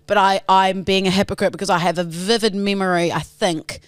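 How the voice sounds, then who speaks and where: A woman co-hosting a podcast, playful and quick to protest. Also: medium pitch, fairly even intonation, clean tone, dry recording. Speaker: podcast co-host. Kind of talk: casual banter.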